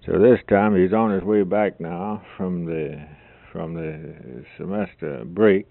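A middle-aged man making a home tape recording and chatting with family, halting and repeating himself with many fillers. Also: low voice, steady tone, creaky. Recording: lo-fi hissy old home tape.

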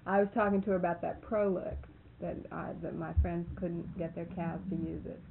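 Woman, low gravelly voice, folksy rambling storyteller, tinny phone line with faint hiss. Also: steady tone, normal speed. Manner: folksy, rambling, laughs often. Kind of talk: casual storytelling.

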